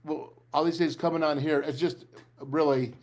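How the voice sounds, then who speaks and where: Middle-aged man, emphatic sports talk host, pitched a touch high. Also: fairly even intonation, normal speed, darkish tone. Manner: emphatic, ranting, repeats phrases for punch. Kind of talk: fired-up sports talk and live ad reads.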